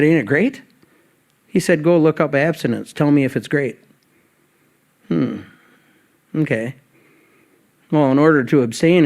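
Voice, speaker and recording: A man's voice: on the high side, darkish tone. A man giving a guest talk at a recovery meeting, telling his story in a conversational way and acting out remembered dialogue. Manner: conversational, acts out both sides of remembered dialogue.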